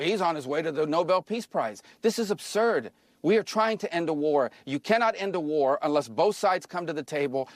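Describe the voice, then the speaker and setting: A man's voice: on the high side, dry recording. A man speaking as a government official, making a firm, insistent press statement.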